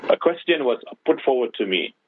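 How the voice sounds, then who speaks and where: Husky man preaching over a tinny phone line. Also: medium pitch, animated, fairly quick. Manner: preaching, rhetorical questions. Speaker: radio host. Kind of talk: radio Islamic advice talk.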